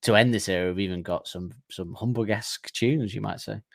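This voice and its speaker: A man with a lowish voice chatting on a podcast, laughing often and wandering mid-sentence through fillers and restarts. His voice is recorded close and dry, with no room sound at all. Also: a little fast, vocal fry, no room sound. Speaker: podcast co-host. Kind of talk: casual chat.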